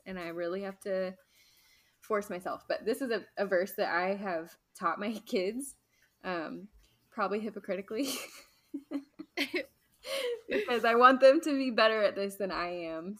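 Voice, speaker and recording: A woman's voice: mid-range voice, a bit bright. A woman co-hosting a women's Bible podcast, talking in a reflective, self-deprecating way and laughing at herself. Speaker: podcast co-host. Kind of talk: casual podcast chat.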